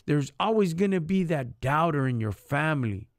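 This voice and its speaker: A man's voice: on the high side, lively intonation, normal speed, dry recording, studio quality. A man giving an impassioned faith talk on a live stream, preachy, in street slang, dropping in Spanish words. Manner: preachy, street slang, calls listeners homie and dog.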